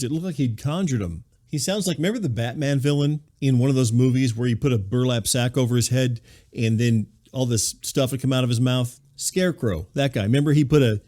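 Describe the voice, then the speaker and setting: A man in his thirties hosting a podcast, delivering a rambling, deadpan comedic monologue. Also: medium pitch. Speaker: podcast host.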